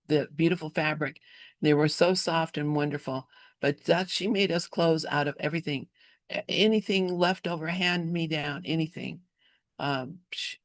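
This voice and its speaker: A woman shares a memory with an online group, speaking in a halting way with many restarts. Her voice sits at a middle pitch, and the sound is dry and close. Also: no room sound. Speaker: participant sharing a story. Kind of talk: casual personal story.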